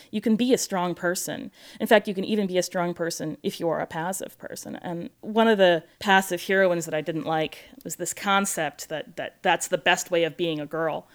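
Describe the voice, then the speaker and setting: A woman author speaks earnestly with a somewhat low voice, sometimes restarting as she thinks. She also reads from her own book in a steady narrating voice. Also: clean tone. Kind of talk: interview talk and reading from her novel.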